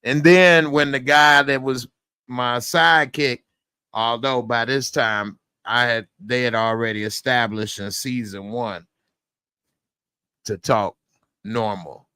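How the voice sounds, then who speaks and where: Slow-talking jokey male reviewer. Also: medium pitch, steady tone, bright, forceful tone, smooth, no echo, clean studio sound. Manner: rambling, jokey, breaks into impressions. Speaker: TV show reviewer. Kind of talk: casual comedic chat.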